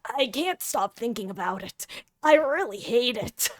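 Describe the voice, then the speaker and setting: Young male anime protagonist, upbeat and eager, played by a woman, lifted pitch. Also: animated, a little slow, no room sound. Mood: chatty. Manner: eager, bright protagonist delivery.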